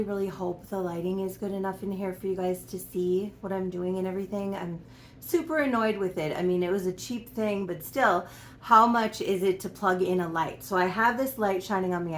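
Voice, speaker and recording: A young woman chatting casually to camera about her doll collection in a room at home, giggly and doting, often talking sweetly to her dolls. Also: medium pitch. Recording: echoey room with faint background noise.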